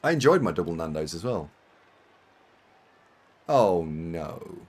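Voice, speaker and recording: Streaming a game, this man from the UK speaks in a low, sing-song voice at a slow pace. His live chat with viewers is casual and meandering, full of self-mockery and frequent laughter.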